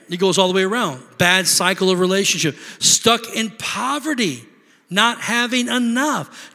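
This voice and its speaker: A male pastor delivers a sermon with a high, bright, forceful voice. He swings from loud, emphatic runs to softer conversational asides. The sound carries the long reverb of a large church hall. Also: animated, moderate pace, some chatter behind. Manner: dynamic preaching, builds to loud emphatic peaks, then drops to quieter asides. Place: church sanctuary.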